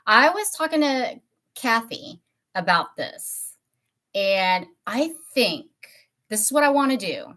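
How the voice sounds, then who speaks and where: A woman in her late fifties hosts a relaxed beauty livestream, talking at a middle pitch. She rambles from story to story and often stops to correct herself mid-sentence. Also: takes it slowly. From Tennessee, USA. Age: 50s. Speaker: beauty channel host. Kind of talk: casual livestream chat.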